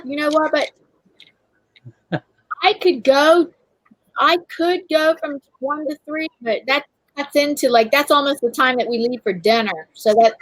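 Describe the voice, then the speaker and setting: A chatty woman hosting a casual livestream, with a high voice that sits forward and bright. She greets viewers by name as they join. The sound is dry and close, with no room around it. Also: no room sound, poor audio. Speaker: livestream host. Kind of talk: casual live chat.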